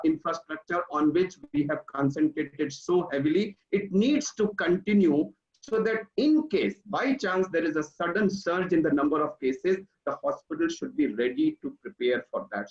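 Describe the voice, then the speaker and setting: Doctor, high voice, roomy distant audio. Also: male voice, a little mellow. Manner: measured, enumerating points. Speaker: doctor speaking as a panelist. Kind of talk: webinar panel remarks. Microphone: video call. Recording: roomy, distant, muffled video-call audio.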